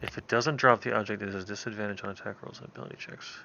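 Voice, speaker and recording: A man's voice: on the low side, fairly even intonation, fast talker, creaky, sharp tone, a little hiss or hum. A man running a tabletop game as game master, reading rules aloud with hesitant fillers over an online call. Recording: dull lo-fi call audio.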